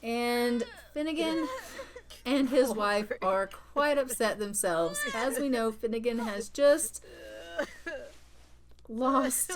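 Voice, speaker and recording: A woman's voice: fairly high pitch, slow, pauses often. A woman casually narrating a life simulation game and acting out the characters, over game chatter. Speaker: gameplay narrator.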